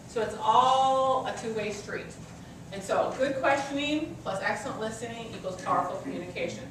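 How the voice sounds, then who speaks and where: A woman's voice: fairly high pitch, background noise. A woman coach giving a workshop presentation to an audience, teaching in a conversational way with personal stories. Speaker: customer service coach. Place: meeting room with an audience. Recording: echoey room from far off, faint ambience.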